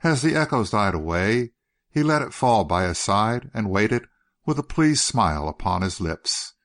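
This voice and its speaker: A man narrating an audiobook in a measured, expressive manner. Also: on the low side. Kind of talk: scripted narration.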